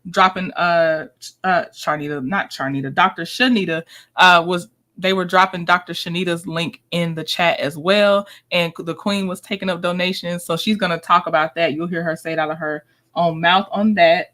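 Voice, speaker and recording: A bright, forward-sounding woman hosting a live commentary stream. She is chatty and laughs often as she recaps clips and talks to her viewers in the chat. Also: lowish voice, fairly even intonation, moderate pace. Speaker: commentary host.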